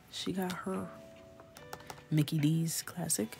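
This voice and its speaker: A woman's voice: sits low, slow, vocal fry, pauses often, a little mellow, soft background music. A woman hosting a coloring livestream, chatting casually, laughing and reacting to viewers' comments. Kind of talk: casual chat while coloring.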